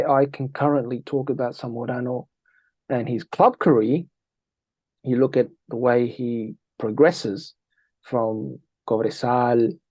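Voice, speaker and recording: A man on an interview, a football analyst, telling lively anecdotes and acting out quoted lines. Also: mid-range voice, no room sound. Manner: energetic, tells anecdotes with quoted dialogue. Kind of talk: animated storytelling interview.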